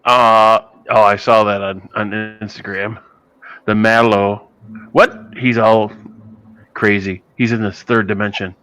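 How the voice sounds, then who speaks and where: Low bright-voiced guy hosting a podcast, jokey, swears a lot. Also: little pitch movement, a little slow, clear, resonant tone, rough recording. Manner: joking, swears, tells anecdotes. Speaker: podcast host. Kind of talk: casual chat.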